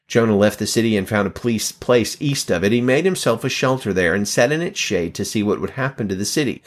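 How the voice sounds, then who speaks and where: Lively, earnest man hosting a Bible podcast. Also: medium pitch. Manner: earnest, encouraging, expressive storytelling. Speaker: podcast host. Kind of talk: Bible reading and teaching podcast.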